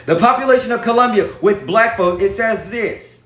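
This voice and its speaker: Emphatic high-voiced man in an echoey room. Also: normal speed, a bit bright. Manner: emphatic, preachy, addresses viewers as y'all. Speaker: vlogger. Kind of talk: casual direct-to-camera talk.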